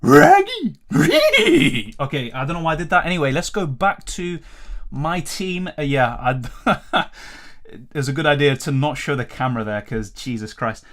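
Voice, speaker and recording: A man's voice: a little high, moderate pace, a bit bright. A young man hosting a live stream, reading viewer questions aloud and answering in a casual, rambling way. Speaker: fantasy football streamer.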